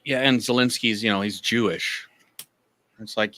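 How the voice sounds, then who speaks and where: Blunt, profane Canadian man with a bright voice. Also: lowish voice, steady tone, moderate pace. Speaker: livestream guest. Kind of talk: casual chat.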